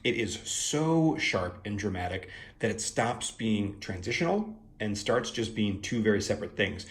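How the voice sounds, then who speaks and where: Young male reviewer, lowish voice, relaxed chatty musing with jokey asides. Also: normal speed. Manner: musing, playful asides, frequent fillers. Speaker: tarot deck reviewer. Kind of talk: casual spoken art review.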